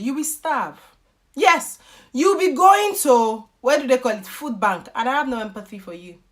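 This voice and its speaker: A woman's voice: fairly high pitch, a bit bright. A woman hosting a live stream, reading comments and giving emphatic advice, repeating her lines for effect.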